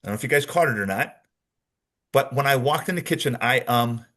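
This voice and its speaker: In a training lecture about detecting deception, a man explains things one step at a time, going over key points again and acting out sample responses. He speaks briskly at medium pitch, with lively intonation and a fairly bright tone.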